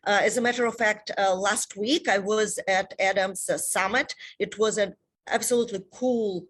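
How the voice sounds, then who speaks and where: A woman's voice: mid-range voice, fairly even intonation, moderate pace. A woman with a Russian accent hosting a webinar talk show from a hotel room, enthusiastic and filler-heavy, voice a bit worn. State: losing her voice.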